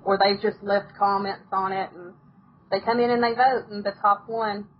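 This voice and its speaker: A woman's voice: mid-range voice, fairly even intonation, moderate pace. A talkative woman chats casually as an author on a podcast. Her stories run on loosely and she laughs easily. The sound is muffled, with a little background noise. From United States. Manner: chatty, storytelling, laughs often. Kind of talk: casual interview chat.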